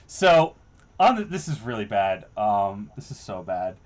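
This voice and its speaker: A man's voice: fairly low pitch, very animated, measured pace. A man hosting a casual commentary stream, laughing and swearing as he mocks his own old work. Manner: profane, laughing, self-deprecating. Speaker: stream host.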